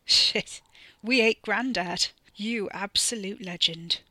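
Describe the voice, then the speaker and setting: A man's voice: sits high, slow, bright, forceful tone, no room sound, exaggerated voice. A woman voicing a young man who is brash, jokey and swears freely. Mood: giddy.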